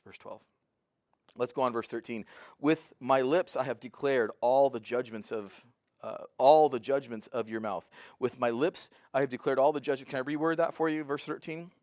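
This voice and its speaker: A man teaching a verse-by-verse Bible lesson in an earnest, preacherly way that swells into excited fervor. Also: mid-range voice, no room sound, studio quality.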